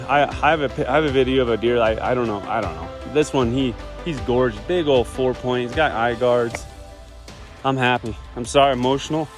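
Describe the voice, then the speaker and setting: A man telling his hunt story outdoors in remote mountain country, excited and emotional, swearing freely in casual vlog talk. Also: mid-range voice. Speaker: hunter filming himself.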